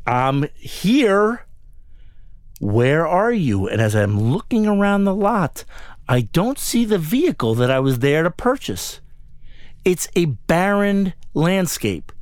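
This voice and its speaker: A man's voice: sits high, no room sound, clean studio sound. Indignant man ranting a story. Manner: animated, indignant, profane. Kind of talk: comic ranting anecdote.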